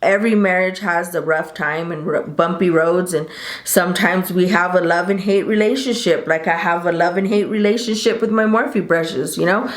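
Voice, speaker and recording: Woman, 30s, rambling storytime chat, self-correcting, lowish voice, roomy recording. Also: normal speed. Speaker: vlogger.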